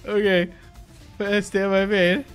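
A young man streaming a card game, giggling and excitedly calling out each play as it happens. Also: high voice, takes it slowly, clear, resonant tone, soft background music. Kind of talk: live gameplay commentary.

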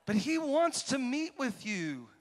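Brief: pastor, man, high voice, fervent sermon delivery, echoing sanctuary. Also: very animated, unhurried. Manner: passionate, swings from quiet to shouting. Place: large church hall. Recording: long hall reverb.

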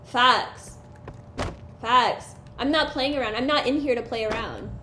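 An excitable woman narrates her gameplay and talks back at the enemies on screen. Her voice sits high, and the room around her is echoey, with a faint hiss underneath. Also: normal speed. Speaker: gaming streamer. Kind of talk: gameplay commentary.

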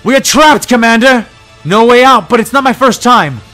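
A man reading a story, voicing a tense male cyborg clone soldier who shouts urgent reports. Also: very high-pitched, lively intonation, moderate pace, faint music behind, pitched above the performer's own voice, heavily acted. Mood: tense resolve.

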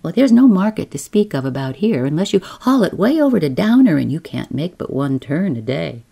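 A woman's voice: sits low, big pitch swings, brisk, gravelly, warm tone, husky, exaggerated voice. A woman voicing a whining, gossipy older village woman with a rural New England accent, rambling on in a storybook reading. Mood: chattering. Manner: whining, rambling, self-pitying.

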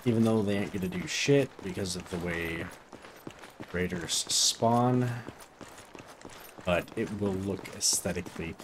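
A man's voice: low voice, unhurried, long pauses, background noise. A man casually commenting while playing a video game, rambling, swearing and self-deprecating. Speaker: let's play host.

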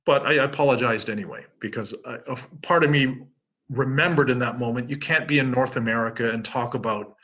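A middle-aged man from Canada talks through his stories in a casual interview, acting out both sides of each conversation. His voice is bright with a slightly husky edge. The recording sounds dull and lo-fi. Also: mid-range voice, brisk. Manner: animated storyteller, acts out both sides of conversations. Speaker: interview guest. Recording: dull lo-fi audio.

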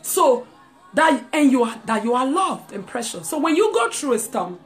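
A woman's voice: sits high, sing-song, normal speed, faint music behind. A woman preaching a live-streamed sermon. She reads scripture aloud and talks straight to her listeners with friendly asides.

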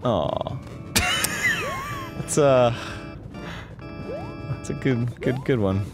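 A man's voice: medium pitch, drawn-out words. A man co-hosting a let's play, cackling, ranting and swearing at the screen. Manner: loud cackling laughter, mock-growling rants, profane. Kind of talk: gaming commentary. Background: music.

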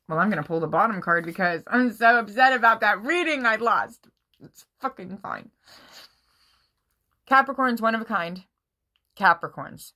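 A woman reading tarot cards for her viewers in a casual, excitable way, swearing freely and often breaking into laughter. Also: fairly low pitch. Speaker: tarot reader.

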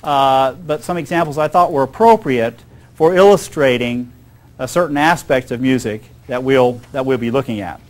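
A man's voice: medium pitch, normal speed, darkish tone. A man giving a music lecture to an audience, rambling and often checking in with the listeners. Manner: rambling, keeps checking in with "okay?" and "you know".

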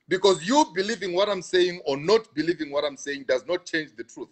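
A man's voice: high-pitched, brisk, hardly any pauses. A man, a pastor, talking on a live stream and answering viewer comments, repeating himself for emphasis and laughing between points.

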